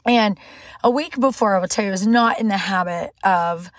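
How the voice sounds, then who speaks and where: A middle-aged woman tells a personal story on her podcast, acting out quoted lines in a higher voice. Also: moderate pace, no room sound, studio quality. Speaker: podcast host.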